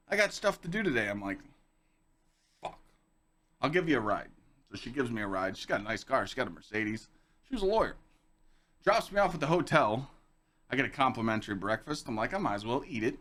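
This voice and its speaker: A young man hosting a casual podcast stream, telling stories to chat in a lively, swearing, animated way. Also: mid-range voice. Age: young adult. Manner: animated, swearing, acts out quoted lines in a raised voice. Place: home streaming room with dog on lap.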